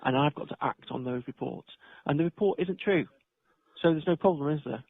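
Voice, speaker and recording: A man with a gravelly, husky voice speaks as a housing officer over a tinny phone line. He is measured and procedural and often hesitates and restarts. The sound is dry and close. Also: on the high side, no echo. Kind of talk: phone call with a tenant.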